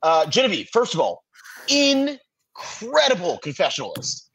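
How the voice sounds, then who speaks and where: Casting note: husky male podcast co-host, animated delivery, frequent stammered restarts. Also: high voice, unhurried, poor audio. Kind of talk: casual recap chat.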